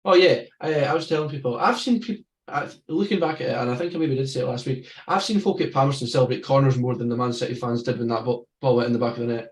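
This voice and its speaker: Scottish guy calling a football match live quick as anything, echoey room. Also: medium pitch. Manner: quick running match commentary mixed with chat. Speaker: podcast co-host. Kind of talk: live football watchalong commentary.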